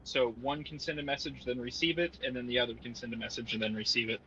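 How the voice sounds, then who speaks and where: Calm male game master. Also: mid-range voice, fast, highs cut off, a little hiss or hum. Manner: calm, explaining rules step by step. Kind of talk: running a tabletop game.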